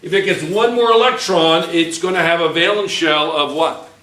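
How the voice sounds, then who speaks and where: A man's voice: on the high side, moderate pace, fairly bright tone. A man teaching chemistry to a class, playful and joking, firing questions at his students. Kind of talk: classroom lecture. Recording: echoey classroom.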